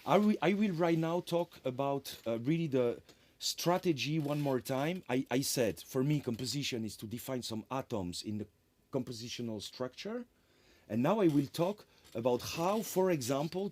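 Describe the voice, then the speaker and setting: A man giving a conference lecture as a composer, talking in an animated way, often tagging sentences with "eh?" and restarting phrases. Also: mid-range voice. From France. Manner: animated, tag questions "eh?", frequent restarts.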